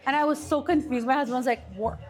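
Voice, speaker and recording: A woman's voice: sits high, fairly even intonation, fast, faint music behind. A young woman from the Philippines, a guest in a casual interview, talking in a bubbly, emotional way with lots of "like". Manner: bubbly, emotional, heavy use of "like".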